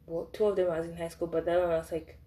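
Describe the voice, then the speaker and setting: Animated young woman telling a story. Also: on the low side. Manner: animated, swinging loud and soft, quick asides. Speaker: vlogger. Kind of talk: casual storytime.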